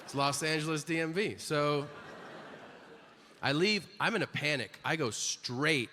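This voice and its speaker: A man's voice: a little high, a little slow, background noise. A middle-aged man performing a stand-up comedy set, telling crude stories and acting out other people's voices. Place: large venue stage before an audience. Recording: reverberant hall with faint crowd ambience.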